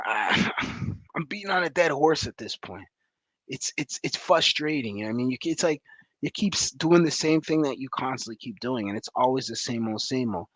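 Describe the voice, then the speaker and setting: A man's voice: medium pitch, fairly bright tone, dry recording. Frustrated man ranting after a game. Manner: frustrated, rambling with many fillers. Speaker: sports fan commentator. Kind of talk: post-game reaction rant.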